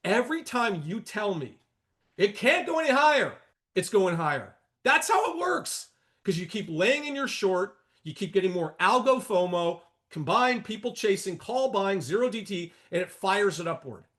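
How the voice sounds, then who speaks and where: A man giving a trading lesson, emphatic and animated, talking straight to his viewers with sarcastic asides. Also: sits high, normal speed. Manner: addresses viewers directly as "people". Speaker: trading educator. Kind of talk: market analysis lesson.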